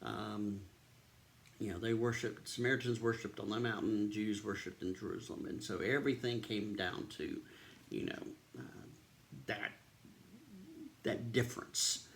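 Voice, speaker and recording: A man's voice: lowish voice, steady tone, measured pace, creaky, pauses often, fairly bright tone, slight background noise. A man, a pastor casually retelling a Bible story in a devotional, with many ums and uhs.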